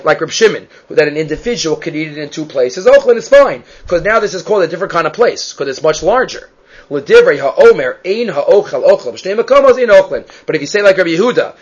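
A male Talmud teacher with a high-pitched voice explains a Talmud text, reading Hebrew and Aramaic phrases and then translating them. The recording is muffled, dull and lo-fi.

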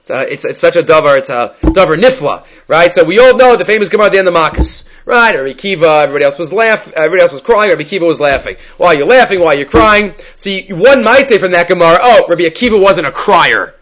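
A man teaching a daily Talmud class, animated and fond of rhetorical questions, mixing Hebrew terms into his talk. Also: sits high, rapid-fire, few pauses.

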